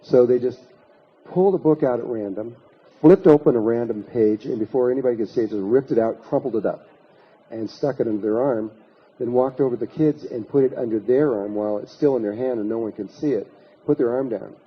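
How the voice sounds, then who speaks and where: A man's voice: medium pitch, a little fast, breathy edge, lo-fi sound. A man giving a spiritual lecture, telling a long anecdote in a rambling way, with many restarts and repetitions. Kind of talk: storytelling lecture to an audience.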